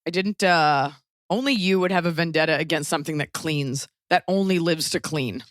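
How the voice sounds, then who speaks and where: A woman's voice: deep voice, normal speed, slight background noise. A woman in her thirties hosting a podcast, giving blunt, rambling, jokey advice in casual chat. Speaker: podcast host.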